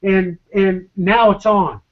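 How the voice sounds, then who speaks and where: Agitated, high-pitched man ranting on lo-fi audio. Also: fairly even intonation, takes it slowly. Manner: profane, urgent, repetitive, stammering. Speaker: speaker in an online voice chat. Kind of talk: agitated rant.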